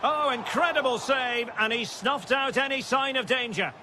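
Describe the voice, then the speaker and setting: A very high-voiced man calls a football video game at normal speed in this recorded play-by-play. Background noise is present as he crisply names players and shouts when goals go in.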